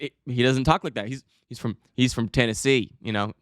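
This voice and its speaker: A man's voice: medium pitch, fairly quick, a bit bright, no room sound. Young guy rambling on his podcast, jokey and self-mocking, dry close mic sound. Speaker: podcast host. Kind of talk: casual solo podcast storytelling.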